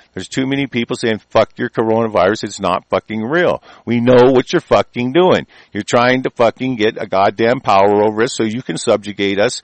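An older man hosting his own broadcast, delivering an angry, profane tirade that swings between loud outbursts and low muttering. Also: no echo. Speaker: host of an online broadcast. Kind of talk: ranting monologue broadcast.

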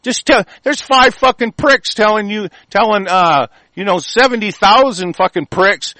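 A man's voice: high voice, normal speed, bright, forceful tone, no room sound. A man delivering a heated, rambling rant, swearing constantly and stumbling over restarts. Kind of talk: angry profane rant.

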